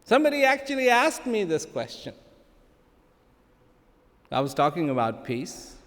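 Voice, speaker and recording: A man giving a slow, emphatic talk to a live audience, with playful humor and long dramatic pauses. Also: sits high, wildly swooping pitch, a bit bright. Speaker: speaker addressing an audience. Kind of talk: spoken address to a live audience. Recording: long hall reverb.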